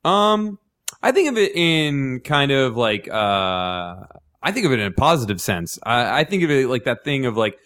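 A man's voice: mid-range voice, big pitch swings, normal speed, fairly bright tone. A man, a guest who does improv, chatting casually and rambling through stories full of fillers. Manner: rambling storyteller, heavy "like" fillers, acts out quotes. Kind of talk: casual podcast chat.

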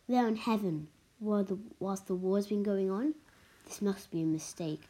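A woman's voice: medium pitch, moderate pace, dark tone, poor audio. A woman reading a story aloud in a plain manner, with small restarts.

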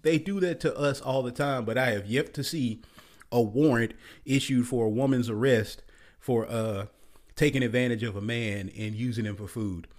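A man's voice: mid-range voice, moderate pace, a little mellow. A man giving a blunt, exasperated rant in a casual commentary, often repeating himself and restarting his sentences.

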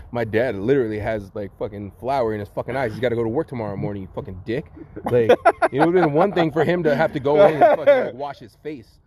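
A man's voice: medium pitch, fast talker, darkish tone, slight background noise. A young man telling a story in casual chat, swearing constantly and laughing between lines. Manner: profane, laughing, lots of "like". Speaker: host telling stories.

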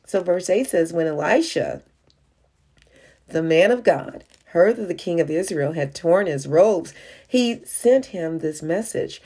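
Low-voiced, mellow woman teaching Bible study. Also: measured pace, breathy edge. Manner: reads scripture aloud then explains it in a conversational way; frequent "uh" and "you know" fillers.

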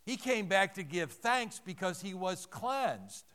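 A man preaching a sermon earnestly, swelling louder and slowing down on the key phrases. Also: high-pitched, very animated. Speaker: pastor.

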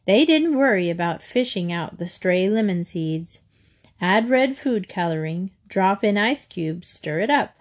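Woman reading a kids' chapter book, middle pitch, calm even pace. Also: a little slow. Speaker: narrator. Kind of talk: storybook reading.

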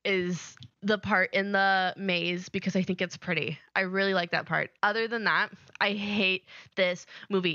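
A woman's voice: mid-range voice, sharp tone, no room sound, muffled recording. A young woman co-hosting a casual podcast chat, blunt, emphatic and scornful in her opinions. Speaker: podcast co-host.

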